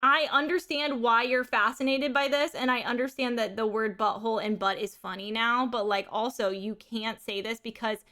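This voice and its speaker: A young woman chatting casually on her live stream while she plays a game, her voice sitting a little higher than most. She tells rambling, animated stories, piling on fillers and restarts as she goes. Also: moderate pace, hardly any pauses.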